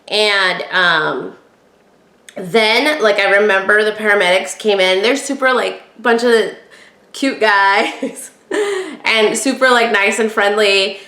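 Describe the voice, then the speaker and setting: Woman podcast host, casual storytelling, bright tone, echoey room. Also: mid-range voice. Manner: chatty, animated, talks to listeners directly.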